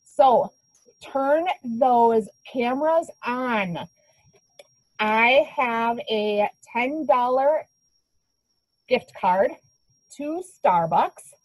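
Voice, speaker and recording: A woman's voice: fairly high pitch, animated, drawn-out words, long pauses, no echo, poor audio. A woman instructor opening an online class over a video call, upbeat and chatty, a little scattered.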